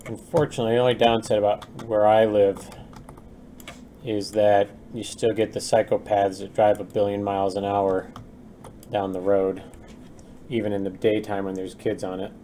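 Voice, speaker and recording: A man's voice: lowish voice, little pitch movement, moderate pace, warm tone, slight background noise. A young adult man streaming game development, chatting casually with viewers and muttering as he works, with faint keyboard typing. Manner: chatty, reads chat aloud and mutters while working. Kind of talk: casual live-stream chat while working.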